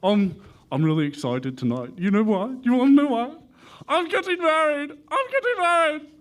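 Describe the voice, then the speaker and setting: A man performing a flamboyant stage character who is excited to announce his wedding to a theater audience. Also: high-pitched, a little fast. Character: flamboyant male stage persona about to marry. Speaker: talent show contestant. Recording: live stage mic with music behind.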